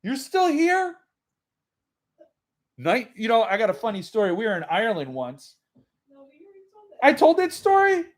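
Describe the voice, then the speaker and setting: A man's voice: high-pitched, huge pitch swings, normal speed, pauses often. A man hosting a book channel, chatting loosely on a livestream from a room at home, rambling and reading viewer comments aloud. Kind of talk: casual livestream chat.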